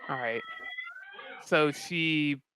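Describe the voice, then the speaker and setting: A man's voice: fairly high pitch, bright, forceful tone, a little hiss or hum. A man narrating and refereeing a tabletop role-playing session as game master, with frequent ums and restarts. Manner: halting narration with many fillers.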